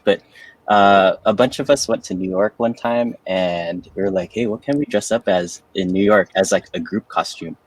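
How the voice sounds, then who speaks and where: A man's voice: on the low side, a little hiss or hum. A man on a podcast telling a rambling, laughing story in casual chat. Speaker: podcast panelist.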